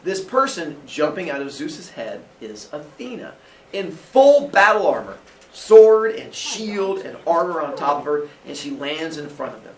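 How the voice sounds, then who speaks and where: A man's voice: fairly high pitch, a little slow, distant mic. A man casually and playfully retelling a myth, joking as he goes. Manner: playful, jokey, animated. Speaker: host and storyteller, father. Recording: roomy, off-mic.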